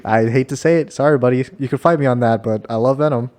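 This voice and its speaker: A young man co-hosts a podcast in a relaxed, playful way and laughs often. His voice sits at an ordinary mid pitch. He shares easygoing opinions with a friend. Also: fast talker. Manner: laid-back, laughs a lot, playful. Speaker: podcast co-host. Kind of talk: casual chat.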